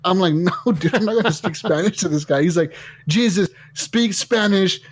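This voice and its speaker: A man hosting a casual gaming podcast, telling stories in an animated way and swearing a lot. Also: sits high, quick pace, breathy edge. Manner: animated storytelling, heavy swearing. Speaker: podcast host.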